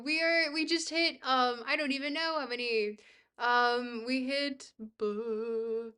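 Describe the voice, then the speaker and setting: Bubbly lady streamer reading chat, slightly high voice, lots of ums and thank yous. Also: steady tone, slow, sharp tone, smooth. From Scotland. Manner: bubbly, thanks chat often, trailing filler words.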